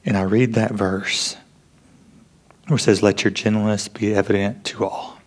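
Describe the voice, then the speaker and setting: A man preaching a sermon in an earnest storytelling way, often dropping to a hush for emphasis. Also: fairly low pitch, level tone, normal speed. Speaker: pastor.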